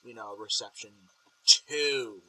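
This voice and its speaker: A man's voice: mid-range voice, slow pace, sharp tone, husky, rough recording. A young man hosting a casual group podcast chat, rambling with plenty of ums as he plans projects. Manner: rambling, lots of filler ums. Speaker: podcast host.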